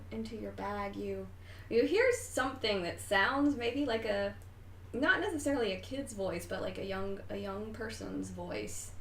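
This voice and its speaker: A woman's voice: medium pitch, slight background noise. A woman running a tabletop game as game master, narrating with lots of fillers and frequent laughter. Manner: giggly, hesitant with fillers. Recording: echoey room, mic at a distance.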